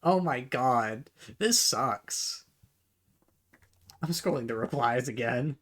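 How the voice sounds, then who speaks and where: Slow and expressive, his medium-pitched voice carries a slightly bright edge. He's hosting a reaction video, muttering posts aloud to himself and stumbling on repeated words, all while ranting with plenty of profanity and obvious exasperation.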